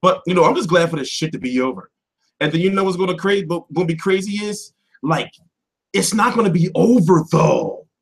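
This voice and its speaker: Male stream host, high and lively voice, profane off-the-cuff rant from his home setup. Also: a little fast, vocal fry, breathy edge. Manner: animated, swearing, jumps between loud and mumbled. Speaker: boxing commentary livestream host.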